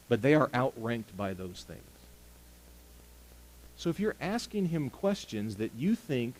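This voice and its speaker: A male pastor preaching with animated, story-driven delivery. His pitch rises and falls a great deal, and he moves between booming emphasis and near-whispered moments. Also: rough recording. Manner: animated storytelling, moving between loud and hushed. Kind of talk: sermon.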